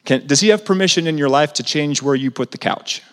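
A man preaching a sermon as pastor, conversational and animated, asking the congregation questions and swinging between loud and soft. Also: a little high, fairly quick, long reverb tail.

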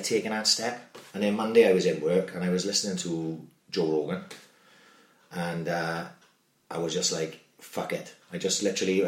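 A man, co-hosting a podcast in casual, sweary chat, telling stories and often asking "do you know what I mean". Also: low voice. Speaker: podcast co-host. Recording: roomy echo.

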